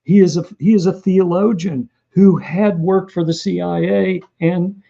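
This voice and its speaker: A man, an author being interviewed, telling lively stories and acting out what people said. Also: high-pitched, unhurried, creaky, muffled recording. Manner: animated anecdotal storyteller who acts out quotes. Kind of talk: interview storytelling.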